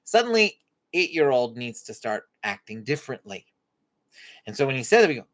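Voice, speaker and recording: Lively woman coaching parents. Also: deep voice, fairly quick. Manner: expressive teacher, acts out parent-child dialogue. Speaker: parenting coach and live-stream host. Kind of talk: faith-based parenting Q&A talk. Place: home live stream.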